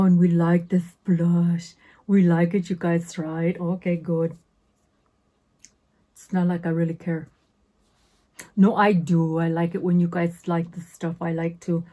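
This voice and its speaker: A woman's voice: on the low side, warm tone. A woman in her fifties chatting casually as a beauty vlogger through an unboxing, sassy and full of self-interrupting asides. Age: 50s.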